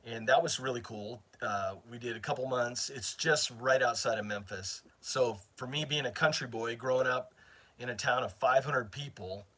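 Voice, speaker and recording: Middle-aged man from northern Maine, host type, chatty and rambling, mid-pitched voice. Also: normal speed, a bit bright. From northern Maine, USA. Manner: rambling, chatty, self-interrupting. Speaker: channel host. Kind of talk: casual storytelling to a live chat.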